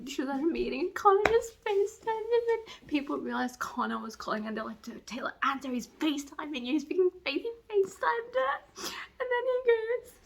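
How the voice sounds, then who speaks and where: A young woman with a high-pitched voice gushes excitedly in a casual reading vlog, squealing as she retells a romance novel. Construction workers can be heard talking in the background.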